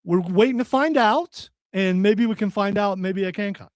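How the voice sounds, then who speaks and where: Upbeat male radio host, bright voice. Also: sits high, normal speed, no echo, studio quality. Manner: upbeat, joking. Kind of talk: casual radio banter. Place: radio studio. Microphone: studio microphone.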